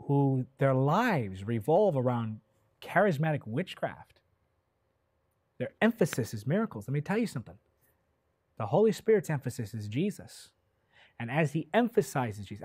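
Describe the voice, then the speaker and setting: A man preaching with a fairly high voice and real fervor. His voice swells loud and then sinks to near quiet, and he stretches key words out slowly. The sound is dry and close, with no room around it. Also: very animated, slightly rough, no room sound. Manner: impassioned, swells loud then drops soft; slow, drawn-out delivery when stressing key words. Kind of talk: sermon.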